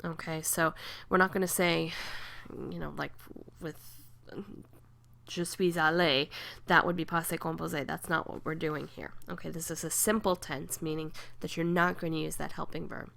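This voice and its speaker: Low gravelly woman teaching grammar. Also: fairly even intonation, fairly bright tone. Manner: patient, explanatory, drills conjugations slowly. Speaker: French teacher. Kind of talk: classroom grammar lesson.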